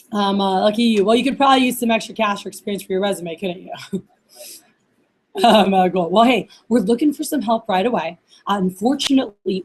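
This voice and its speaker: A young woman leads a receptionist workshop in a loose, chatty way, full of "like" and "uh," and acts out both sides of phone calls. Her voice sits a little high. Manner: casual, chatty, many fillers like "like" and "uh". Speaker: receptionist trainer. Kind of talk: workshop training talk with role-played phone calls.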